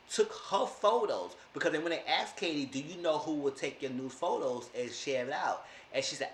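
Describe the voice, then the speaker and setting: A man's voice: mid-range voice, a bit bright, echoey room, a little hiss or hum. A man in his thirties giving a casual, emphatic TV episode recap, repeating himself when annoyed. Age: 30s. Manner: emphatic, exasperated, repeats phrases. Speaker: TV episode reviewer.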